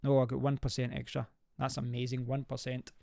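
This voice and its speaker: A man's voice: mid-range voice, monotone, fairly quick, vocal fry, darkish tone, dry recording, clean studio sound. A man chatting casually to viewers during a live stream, reacting aloud to the game as he plays and rambling into stories. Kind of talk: casual live-stream chat while playing.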